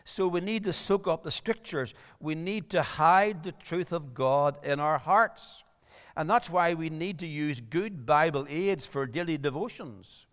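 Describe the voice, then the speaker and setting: A man's voice: fairly high pitch, a little slow, a bit bright, big-room sound. A man preaching a sermon, earnest and rising to emphatic appeals.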